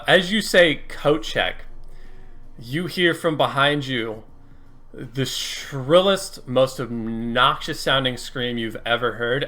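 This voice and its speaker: Man, game master, tabletop role-play narration, bright voice, rambling, vivid description. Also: mid-range voice.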